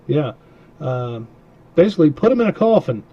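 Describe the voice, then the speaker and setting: A man's voice: a little high, sing-song, normal speed, mellow, lo-fi sound. A man co-hosting a podcast, reading out news stories in casual, profane banter with friends in a studio. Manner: profane, rambling. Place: small studio.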